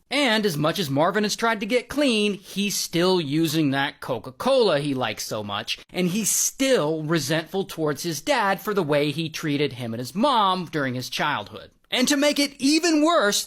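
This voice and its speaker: This is a casual true-crime storyteller talking straight to the viewer in playful slang. The pitch swoops up and down a lot, and dramatic moments get spoken sound effects like blam and pow. The pitch sits in an ordinary middle range. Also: fairly bright tone.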